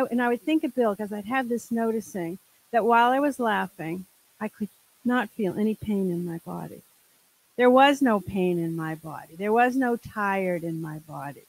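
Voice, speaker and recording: A woman's voice: medium pitch, normal speed, poor audio. Candid older woman sharing wry stories. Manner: candid, humorous, exasperated asides. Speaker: group member sharing. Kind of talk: personal story at a group meeting. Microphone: handheld microphone.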